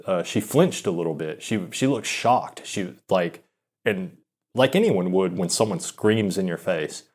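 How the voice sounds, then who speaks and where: A young man telling an awkward personal story in a rambling, halting, self-deprecating way, full of restarts and fillers. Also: sits low, lively intonation, darkish tone. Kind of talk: confessional storytelling monologue.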